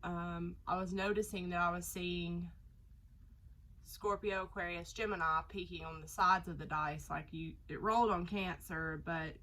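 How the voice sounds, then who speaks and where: A woman's voice: on the low side, steady tone, normal speed, sharp tone, low-quality recording. A woman doing a casual tarot reading, her voice nasal from a cold, chatty and rambling with lots of fillers. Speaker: tarot reader.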